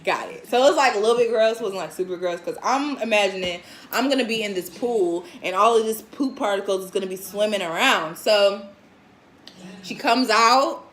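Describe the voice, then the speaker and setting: A woman's voice: medium pitch, moderate pace, a little hiss or hum. Candid young woman telling a story. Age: 20s. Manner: animated, acts out what others said; laughs often, candid and frank. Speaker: vlogger and new mother. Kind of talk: casual storytelling to viewers.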